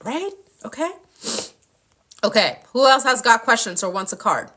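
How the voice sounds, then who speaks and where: Woman, young adult, bright voice, higher pitch, passionate, swears a lot, live-stream tarot host. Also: normal speed. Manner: passionate, swearing, animated, playful impressions. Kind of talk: casual live-stream chat.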